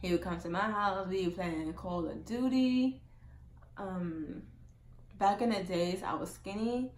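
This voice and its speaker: A young woman telling a casual storytime monologue as a vlogger, chatty and full of "like", acting out quotes loudly. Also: mid-range voice, measured pace, reverberant.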